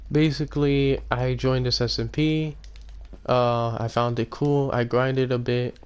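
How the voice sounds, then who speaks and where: A man casually commenting on his own gameplay, rambling and correcting himself, often speaking quietly. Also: mid-range voice, little pitch movement, a little slow, smooth. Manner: rambling, self-correcting, soft-spoken. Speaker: gaming YouTuber.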